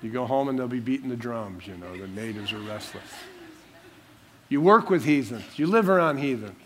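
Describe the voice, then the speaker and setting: A man's voice: mid-range voice, animated, moderate pace. A man preaching a sermon, working through a Bible passage verse by verse and repeating phrases for stress, in a church sanctuary. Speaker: pastor.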